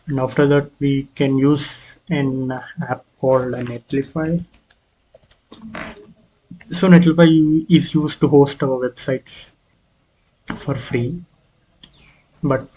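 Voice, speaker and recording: A man's voice: mid-range voice, warm tone, low-quality recording. A man casually walking through his own app prototype, hesitant, with frequent fillers and restarts. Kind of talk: casual screen walkthrough.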